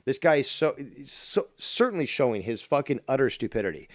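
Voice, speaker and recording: A man's voice: medium pitch, big pitch swings, brisk, few pauses, no room sound, clean studio sound. A man hosting a drama commentary show, combative and profane as he mocks a rival's clip.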